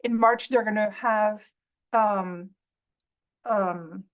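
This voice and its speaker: A woman of middle pitch speaking on a video call. She talks haltingly and stops to clear her throat. The setting is a casual meeting update. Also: muffled recording. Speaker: fundraiser organizer.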